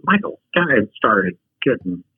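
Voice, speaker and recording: A man, a podcast guest, telling personal stories in a humorous, unhurried, casual way. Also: mid-range voice, very animated, breathy edge, no room sound. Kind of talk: casual storytelling. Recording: dry, tinny phone-like line.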